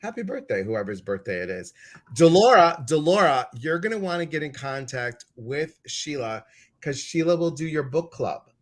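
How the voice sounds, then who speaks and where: A man's voice: fairly high pitch, very animated, normal speed. A man hosting a casual live-stream interview, chatty and exuberant, greeting viewers and reading their comments aloud. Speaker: host.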